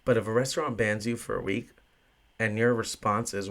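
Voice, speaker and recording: Man, low voice, bartender-host, casual storytelling, swears a lot, rants. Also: steady tone, a little fast, a bit bright. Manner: profane, ranting, frequent fillers.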